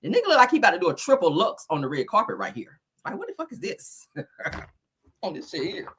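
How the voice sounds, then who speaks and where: Woman gossip host; sassy, profane, bright and husky, very lively pitch. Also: fast talker, a little hiss or hum. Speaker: commentary host. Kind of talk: casual celebrity gossip commentary.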